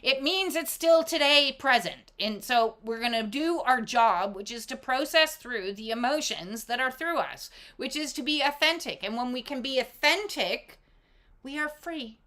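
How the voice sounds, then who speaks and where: A woman's voice: high voice, expressive, moderate pace, hardly any pauses, sharp tone. A woman doing a casual oracle card reading, talking emphatically with lots of fillers and casual swearing. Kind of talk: casual spiritual talk to camera.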